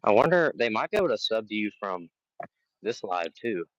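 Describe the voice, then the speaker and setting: A man's voice: fairly low pitch, very animated, a little fast, a bit bright, no echo, muffled recording. A man chatting on a live fishing stream outdoors by the water, playfully taunting the fish he is after. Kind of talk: casual live-stream chat.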